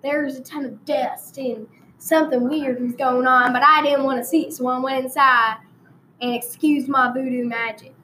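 A rambling old Texan storyteller spins a tall tale in a high, bright voice with a deliberately overdone drawl, as a young woman hams it up. The storyteller is folksy and wanders into odd asides, with faint room ambience behind. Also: fairly even intonation, slight background noise, poor audio. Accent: put-on rural Texan. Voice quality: exaggerated drawl, deliberately bad accent.

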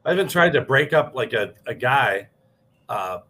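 A man's voice: medium pitch, sing-song, normal speed, bright, forceful tone, breathy edge. A man co-hosting a casual real estate talk, easygoing and telling stories. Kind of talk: casual chat.

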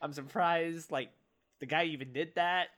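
A man telling a story in casual chat, animated and mimicking his friends. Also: on the high side, normal speed.

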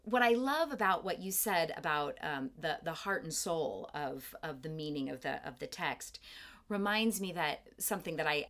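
Middle aged woman director, lowish voice, explains things slow and careful, into her craft. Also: fairly bright tone. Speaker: theatre director. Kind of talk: interview conversation.

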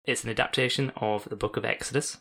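A man's voice: mid-range voice, steady tone, quick pace, pushed and bright. A British man hosting a casual podcast, reading a news segment with jokes and frequent laughs. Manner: laughs often, reads notes with jokes.

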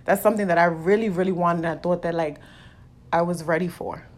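A woman's voice: on the low side, fairly even intonation, a little fast. A young adult woman hosting a solo podcast, talking candidly and confessionally with casual swearing. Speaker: podcast host.

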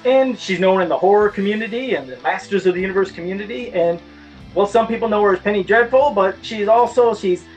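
A man's voice: high voice, fast, muffled recording, soft background music. Friendly man hosting a podcast. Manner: friendly, jokey introductions. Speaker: podcast host.

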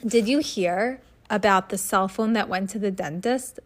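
A woman voicing a squeaky male monkey puppet who tells silly jokes in a storybook read-aloud. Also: moderate pace, close to an everyday voice. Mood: joking. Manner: goofy jokey patter.

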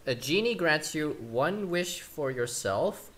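A man in casual chat, calmly reading out a question for the group. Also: fairly high pitch, slow pace.

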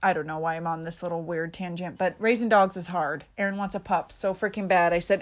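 A woman's voice: on the low side, moderate pace. Woman host of a solo pep-talk podcast; casual, emphatic, a little salty. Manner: emphatic, casual and chatty, peppered with mild swearing.

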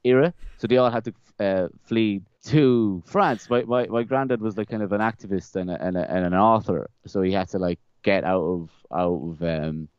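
A man's voice: lowish voice, moderate pace, hardly any pauses, darkish tone, clean tone, no room sound. A young man, a podcast guest, telling stories in a loose, rambling way, often repeating words and laughing. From Ireland. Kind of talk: casual conversational storytelling. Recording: slightly dull, dry close-mic sound.

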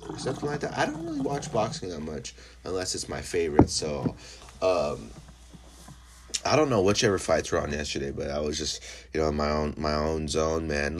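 Deep-voiced rambling podcast host. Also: male voice. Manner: rambling and profane, full of fillers. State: high. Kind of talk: casual solo podcast monologue.

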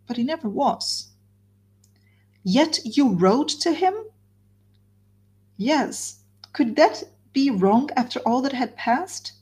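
A woman's voice: fairly high pitch, a little mellow, slightly rough, pitched above the performer's own voice, exaggerated voice. A woman reading a novel aloud, voicing a heartbroken, wildly despairing young woman who pleads and repeats her words.

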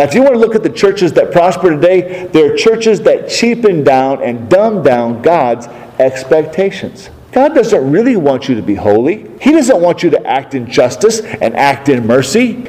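A man's voice: a little high, warm tone. Man preaching in a reverberant hall. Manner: emphatic, asks the congregation rhetorical questions. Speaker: pastor. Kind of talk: sermon. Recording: long reverb of a large hall.

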